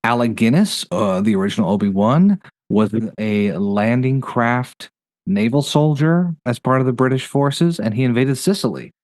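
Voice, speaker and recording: A man hosting a podcast, chatting casually in a review and rattling off facts in quick bursts. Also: medium pitch, lively intonation, darkish tone, dry recording, studio quality. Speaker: podcast host.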